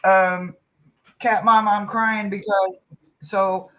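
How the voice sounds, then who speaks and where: A woman from the St. Louis area, a psychic reader hosting her channel, telling an excitable, rambling story with laughs and the odd curse word. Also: mid-range voice, slow. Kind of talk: casual storytelling on a livestream.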